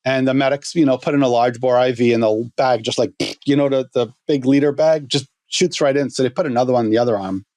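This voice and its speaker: Earnest halting man telling a story. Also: medium pitch, steady tone, darkish tone, dry recording. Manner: earnest, halting with repeated restarts. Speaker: podcast guest, former fire lieutenant. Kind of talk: emotional storytelling.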